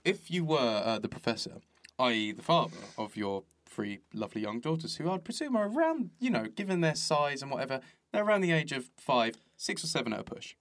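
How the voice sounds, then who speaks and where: A man's voice: on the high side, a little fast. A man chatting casually and jokily about a cartoon episode, acting out the characters' lines. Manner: jokey, animated, repeats himself, acts out characters' lines. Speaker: podcast co-host. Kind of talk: casual chat reviewing cartoons.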